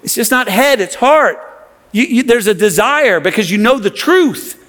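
Here the preacher's voice is very high and a bit bright, expressive yet unhurried at a normal pace. His passionate sermon leans on repetition to press each point, ringing through a cavernous sanctuary with lengthy reverb.

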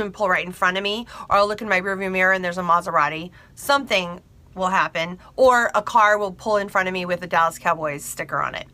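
A woman chattily telling a personal story to camera, animated and confiding, a bridal seamstress. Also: medium pitch, brisk.

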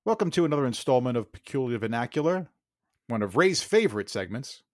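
A man hosts a quiz-style comedy podcast segment, teasing his co-host and laughing easily. His pitch swings widely in animated speech. The recording is close and dry with no room sound. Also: fast talker, no echo. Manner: teasing, laughs often, quizzes the other host. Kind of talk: joking banter.

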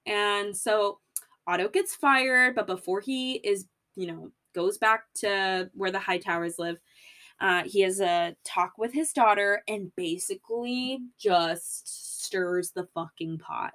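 A woman hosting a podcast in a casual, animated way, full of "like" and swearing, slipping into quick quoted voices for characters. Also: mid-range voice. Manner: animated, filler-heavy valley-girl talk, acts out characters in quick quoted voices; swears freely and laughs at herself. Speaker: podcast host. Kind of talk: casual recap chat.

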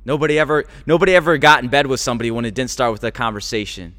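A man's voice: mid-range voice, rapid-fire, hardly any pauses, fairly bright tone, long reverb tail. A man hosting a podcast, giving a motivational monologue that repeats phrases and builds to fervent urging. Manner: preachy, repetitive, builds to fervent exhortation. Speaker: podcast host.

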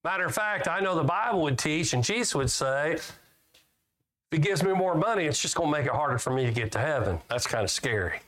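A man's voice: a little high, animated, fairly quick, fairly bright tone. Folksy preacher man quoting scripture. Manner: folksy, asks the congregation questions; reads scripture aloud with rising emphasis. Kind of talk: sermon.

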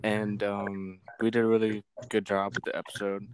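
A man's voice: on the low side, level tone, normal speed. A young man co-hosting a casual podcast, rambling and giggly with lots of fillers. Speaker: podcast co-host. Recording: noisy home recording.

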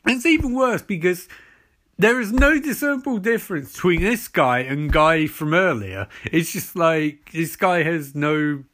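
A man's voice: fairly high pitch, lively intonation, measured pace, fairly bright tone. A man ranting through a sarcastic, profane recap of a TV show. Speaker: TV reviewer.

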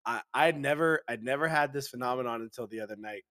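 A man's voice: mid-range voice, quick pace, fairly bright tone, dry recording, studio quality. A man co-hosting a casual podcast, telling a rambling story with lots of laughs and quoted back-and-forth. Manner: rambling storytelling, laughing often, quoting himself and others. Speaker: podcast co-host.

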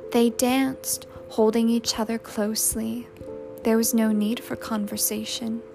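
A woman reading a novel aloud in measured, unhurried narration. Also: a little high, flat delivery, gravelly. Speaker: audiobook narrator. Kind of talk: scripted narration. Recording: loud music under the narration.

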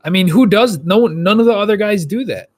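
A man co-hosting a gaming podcast, chatting casually and telling stories with animated asides. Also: high voice, fairly quick. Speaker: podcast co-host.

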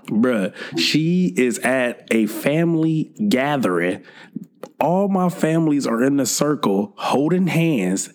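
Chill young dude telling a story on his podcast, slow and loose, cusses a lot, cracks up laughing. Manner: laid-back, swears a lot, laughs often, big jumps in pitch when retelling. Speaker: podcast host. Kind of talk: casual storytelling monologue.

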